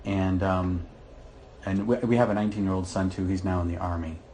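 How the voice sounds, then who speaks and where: A middle-aged man, telling his story to a therapist in a rambling, halting way with many restarts. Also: sits low, fairly even intonation, warm tone, a little hiss or hum. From Michigan, USA. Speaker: client in therapy session. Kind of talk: candid personal account.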